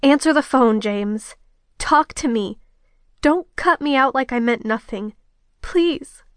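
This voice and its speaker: A woman's voice: high voice, animated, slow, smooth, no room sound. A woman voicing a distraught young woman who pleads, her voice cracking as she chokes on her words. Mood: desperate.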